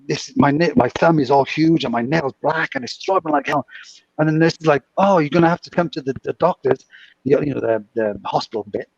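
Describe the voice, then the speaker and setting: A man in his fifties telling stories in a casual chat, animated and laughing often. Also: fairly high pitch, creaky, breathy edge, dry recording, dull audio. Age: 50s.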